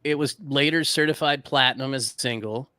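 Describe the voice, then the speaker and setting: On a comedic history podcast, this male co-host relates the tale in a relaxed, self-mocking style, making it a casual, humorous history conversation. His medium-pitched voice moves a little fast and sounds pushed and bright, captured in a dry, studio-quality recording.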